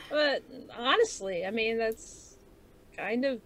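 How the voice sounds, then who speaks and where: A woman's voice: on the high side, sing-song, slow, long pauses. A woman co-hosting a casual podcast chat, candid and self-mocking, laughing often as she talks. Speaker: podcast co-host.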